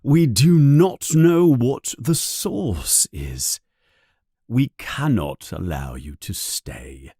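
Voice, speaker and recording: A man's voice: mid-range voice, expressive, dry recording, clean studio sound, heavily acted. A man putting on a frail, weak old wizard headmaster. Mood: grave. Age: older. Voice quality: weak, quiet, breathy at times. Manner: hesitant, with halting fillers. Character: frail elderly male headmaster wizard, hesitant.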